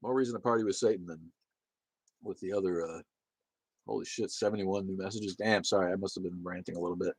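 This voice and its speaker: A man's voice: low voice, fairly even intonation, fast talker, husky, no room sound. A man hosting a livestream, rambling and swearing as he reads chat comments and laughs along. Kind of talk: casual profane livestream chat.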